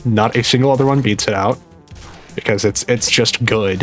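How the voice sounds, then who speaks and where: Quiet young man with a retainer. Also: lowish voice, normal speed, soft background music. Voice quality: slightly muffled speech from a dental retainer. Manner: quiet, rambling, self-mocking. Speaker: gaming YouTuber. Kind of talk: live gameplay commentary.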